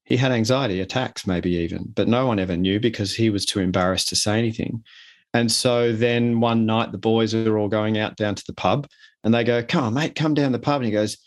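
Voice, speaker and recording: A man's voice: lowish voice, steady tone, a little fast. An Australian man, an author and guest in an interview, who explains earnestly with long everyday examples. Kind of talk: conversational interview.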